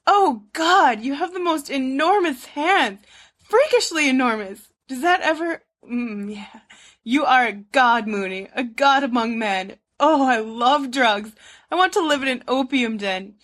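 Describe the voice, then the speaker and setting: A woman voicing a lazy, blissed-out young man who is teasing and demanding, with a slow, drawling delivery. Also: sits high, expressive, a bit bright, pitched above the performer's own voice, full character voice. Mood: languid.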